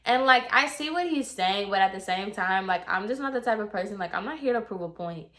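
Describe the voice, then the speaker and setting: A woman's voice: mid-range voice, animated, fairly quick, fairly bright tone. A young woman hairstylist telling a casual story about a client, chatty and loose, full of "like" and "you know".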